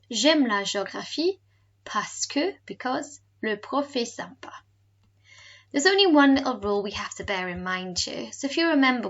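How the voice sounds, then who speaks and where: Teacher lady, fairly high voice, slows right down to model words, bit dull lo-fi sound. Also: bright, forceful tone. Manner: slow, careful modelling of pronunciation. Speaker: French teacher. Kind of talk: recorded home lesson.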